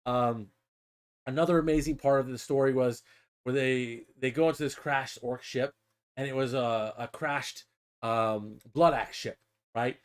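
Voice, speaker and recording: A man's voice: medium pitch, unhurried, clear, resonant tone. A man hosting a casual live stream, retelling a story animatedly and laughing often. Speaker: host.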